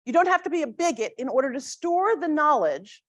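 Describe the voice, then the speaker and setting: A middle-aged woman from the South Bronx giving a lecture as a guest speaker, telling a story in a lively, conversational way and acting out what others said. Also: sits high, brisk. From South Bronx, New York. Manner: animated, conversational, acts out quoted speech.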